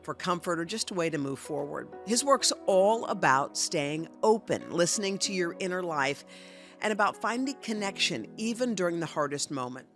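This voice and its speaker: A middle-aged woman hosting a podcast, asking questions in an earnest, expressive way and laughing easily. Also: lowish voice, normal speed, soft background music. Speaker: podcast host. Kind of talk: warm interview conversation.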